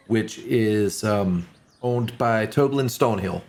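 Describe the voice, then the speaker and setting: A man's voice: mid-range voice, measured pace. A man narrating a tabletop game as game master, loose and self-mocking, with many fillers.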